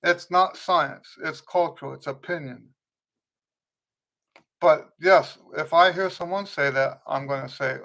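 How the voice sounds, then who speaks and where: Easygoing male trumpet teacher, fairly high voice. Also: measured pace, vocal fry. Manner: relaxed and conversational, with frequent restarts and "okay?" check-ins. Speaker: trumpet teacher hosting a live Q&A. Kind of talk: casual livestream teaching, answering viewer questions.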